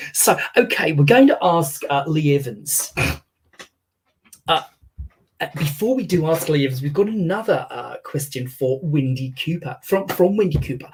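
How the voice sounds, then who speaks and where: Host, man, casual live chat, hesitant, husky tone. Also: a little high, animated, moderate pace. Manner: hesitant, filler-heavy reading of questions. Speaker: host taking audience questions.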